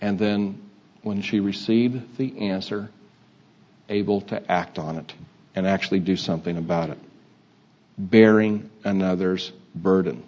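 Older man preaching, halting. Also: low voice, steady tone, a little mellow. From Texas. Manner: halting, many uh fillers, conversational. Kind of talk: sermon. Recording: dull lo-fi sound.

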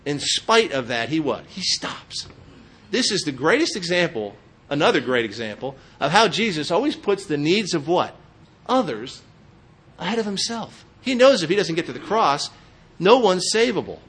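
A man's voice: on the high side, a bit bright. A middle-aged man preaching a sermon in a church, emphatic and quizzing his listeners with questions. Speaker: pastor.

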